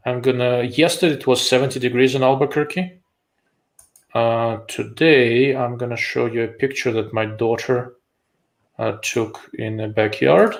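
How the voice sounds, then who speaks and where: A man hosts a relaxed live-stream conversation over a video call. His voice has a gravelly edge and sits at a middling pitch. He talks with dry, blunt humor. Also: normal speed. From Russia. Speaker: host of a live show on rifle optics. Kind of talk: casual live-stream chat.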